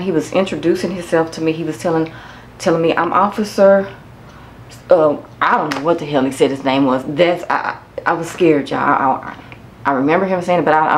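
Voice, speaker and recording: Low-voiced tearful woman. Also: slight background noise. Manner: halting, repeats words, addresses viewers as y'all. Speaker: vlogger. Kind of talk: emotional personal story to camera.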